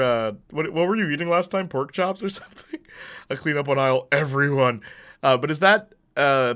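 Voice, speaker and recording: A man's voice: mid-range voice, fairly bright tone. A man streaming a video game with casual commentary, chatty and laughing often as he reads viewer chat aloud. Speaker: gaming streamer.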